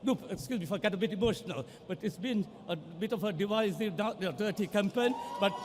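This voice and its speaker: A man giving a passionate victory speech as a newly elected assembly member, building to rousing shouts in a large count hall. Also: sits high, fast, noisy background. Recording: long reverb of a big hall.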